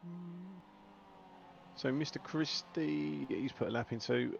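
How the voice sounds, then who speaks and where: A man's voice: a little high, takes it slowly, vocal fry. A man doing casual, chatty commentary on an online race, bantering with his co-hosts. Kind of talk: casual sim racing commentary. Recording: dull lo-fi stream audio with faint noise.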